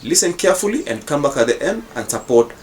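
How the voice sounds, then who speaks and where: A man's voice: fairly high pitch, sing-song, fast, darkish tone, slight background noise. A man hosting his channel, giving casual reaction commentary in formal, repetitive phrasing. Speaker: channel host.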